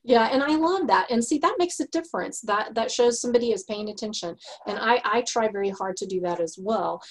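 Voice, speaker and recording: A woman's voice: a little high, brisk. A woman with a Texas accent hosting a podcast, talking earnestly in a casual chat. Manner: earnest and warm-hearted, frequent laughs and restarts. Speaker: podcast host.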